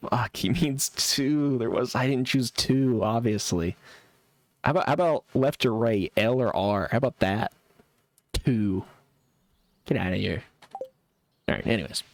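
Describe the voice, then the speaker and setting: A man's voice: medium pitch, a little slow, pauses often, no echo. A young man streaming a game live, chatting casually with a sarcastic, laid-back manner and frequent laughs while reacting to chat.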